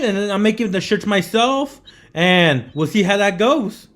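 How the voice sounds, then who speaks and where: A young man, the guest on a live stream, telling animated stories in casual chat, often saying bro and man. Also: high voice, unhurried, slight background noise. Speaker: guest entrepreneur.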